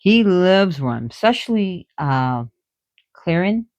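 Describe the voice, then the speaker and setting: Woman teacher, slow giggly explainer, drops to whispers then bursts out loud, dry close sound. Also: on the low side, no room sound, lo-fi sound. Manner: excitable, giggly, jumping between soft whispers and loud bursts. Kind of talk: casual explanatory talk.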